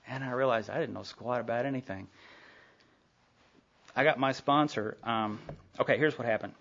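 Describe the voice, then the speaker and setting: A gravelly middle-aged man tells his personal recovery story to a group, speaking candidly with frequent asides and acted-out dialogue. His voice is medium-pitched and fairly bright, moderately paced with frequent pauses, on a dull lo-fi tape of the live meeting.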